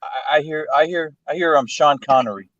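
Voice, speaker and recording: A man's voice: a little high, brisk, a bit bright, muffled recording. A man in casual chat, joking crudely and repeating himself.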